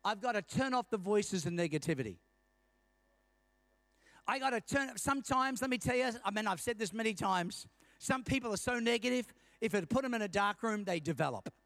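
A man's voice: high voice, animated, brisk, fairly bright tone, dry recording. A middle-aged man preaching a sermon as senior pastor, telling stories and calling for amens from the congregation.

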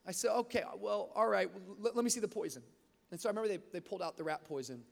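Young male pastor, high-pitched, animated sermon storyteller in a reverberant hall. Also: very fast, creaky. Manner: energetic storytelling, rising to shouts. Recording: long reverb of a large hall.

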